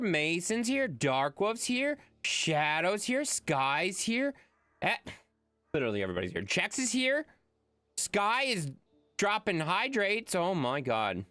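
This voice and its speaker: A woman's voice: lowish voice, dry recording. A woman live-streaming a game, chatting casually and jokily with her viewers and reading their messages aloud. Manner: animated, jokey, reads chat aloud and swears freely.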